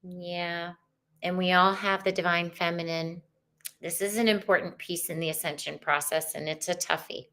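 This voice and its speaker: A woman with a soft, earnest manner, giving a live spiritual tarot reading. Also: fairly low pitch, steady tone, normal speed. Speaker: tarot reader.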